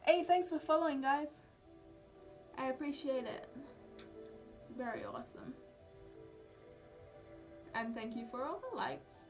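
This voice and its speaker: Speaking high and unhurried with frequent pauses, a young woman cosplay livestreamer chats casually with her viewers. She pokes fun at herself and drifts off topic easily, while music plays in the background of a distant-mic recording.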